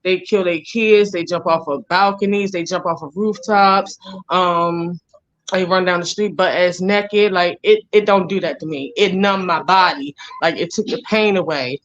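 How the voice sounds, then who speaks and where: A woman's voice: on the low side, fairly even intonation, normal speed. Interview guest: woman with a Jamaican accent, rambling and blunt, on muffled lo-fi audio. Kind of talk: casual interview storytelling.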